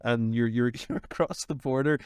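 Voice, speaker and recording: A man co-hosting a podcast, narrating an improvised scenario in casual, sweary, lively chat. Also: medium pitch, normal speed, clean tone, no echo, clean studio sound. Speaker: podcast co-host running the scenario.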